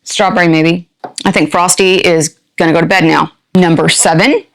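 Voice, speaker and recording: An older woman hosting a casual unboxing, chatty and playful with quick asides and a jokey put-on country twang. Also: fairly low pitch, steady tone. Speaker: unboxing channel host. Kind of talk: casual product unboxing chat.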